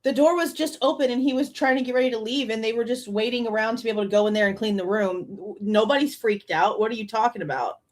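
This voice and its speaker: A woman with a high, bright voice hosts a live true crime reaction stream. She sounds exasperated and sarcastic, swears freely and laughs often between remarks. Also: fast talker, hardly any pauses.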